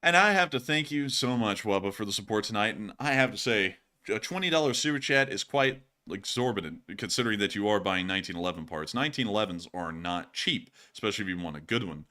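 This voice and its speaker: A man hosting a casual live stream with a bright, forceful voice. He jokes and rambles in a loose, chatty way. Now and then he bursts into loud shouts and laughter. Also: on the low side, expressive, fast, few pauses. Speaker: show host.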